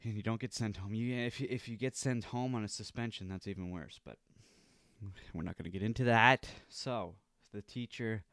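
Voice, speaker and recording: Low-voiced man telling a rambling story. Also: moderate pace, a bit bright, no room sound, clean studio sound. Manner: rambling, swears freely. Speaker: podcast host. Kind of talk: casual storytelling.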